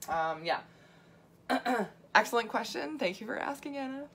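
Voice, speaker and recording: A woman's voice: on the high side, lively intonation, unhurried, fairly bright tone, a little hiss or hum. A middle-aged woman health coach talking casually to viewers, chatty and full of asides and fillers, laughing often. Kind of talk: casual livestream talk.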